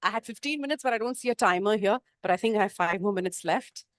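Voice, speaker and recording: A woman's voice: mid-range voice, quick pace. Brief: middle-aged Indian-accented woman, emphatic stage speaker, musician addressing a business crowd. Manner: emphatic, rhetorical questions, sings note names. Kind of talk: motivational talk with music. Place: conference stage.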